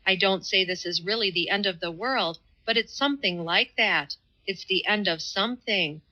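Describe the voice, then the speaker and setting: A woman's voice: mid-range voice, moderate pace, sharp tone, natural voice, poor audio. A woman reading the part of an earnest, devout man who speaks with fervent, laborious care in an audiobook.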